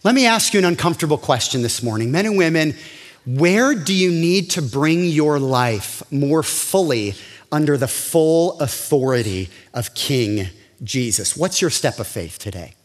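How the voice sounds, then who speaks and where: A man preaching a sermon as a pastor, telling a personal story with animated delivery and acted-out dialogue. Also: on the high side, measured pace, long reverb tail.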